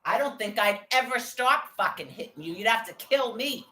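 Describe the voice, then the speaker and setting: Older woman, furious profane vlog rant, sharp tone. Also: fairly high pitch, expressive, normal speed. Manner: agitated, swearing heavily, quoting others. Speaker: vlogger.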